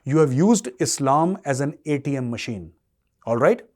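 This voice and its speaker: A man's voice: mid-range voice, lively intonation, moderate pace, a little mellow. A middle-aged man with an Indian English accent giving a combative political monologue, taunting and sarcastic, repeating rhetorical questions. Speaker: commentator.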